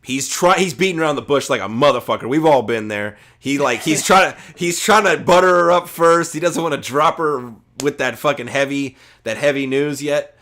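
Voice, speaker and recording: Dude rambling thru a movie review on a podcast, swears a lot, lots of ums. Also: male voice, fairly high pitch, moderate pace, hardly any pauses, a bit bright. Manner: profane, rambling retelling with filler words. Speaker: podcast co-host. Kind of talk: casual movie review chat.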